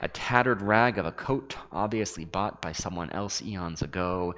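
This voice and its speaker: Reading a first-person story aloud at a moderate pace, this man's voice sits low. He performs it dramatically and expressively, dropping into quiet, hushed asides, while the dull lo-fi audio trails a long reverb.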